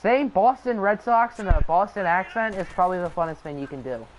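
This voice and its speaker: Young guy with a high voice calling a sim football game live, jokey, reads chat, kinda muffled mic. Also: brisk, a little hiss or hum. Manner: chatty, answers live chat, jokes. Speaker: channel host.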